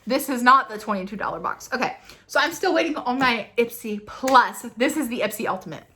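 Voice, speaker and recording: Young female vlogger, gushing and gasping, fairly high, bright voice. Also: a little fast, a little hiss or hum. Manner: gushing, gasping, breathless excitement. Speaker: beauty vlogger. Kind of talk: excited unboxing chat.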